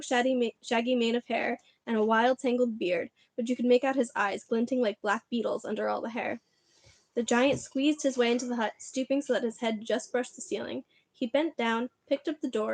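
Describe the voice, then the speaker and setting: A woman reading a children's book aloud on a livestream, expressive and chatty between chapters. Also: on the high side, no room sound. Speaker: reader.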